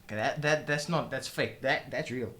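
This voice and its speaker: A man's voice: medium pitch, moderate pace, pushed and bright. A man co-hosting a casual podcast chat, giving dry, defensive comebacks. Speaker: podcast co-host.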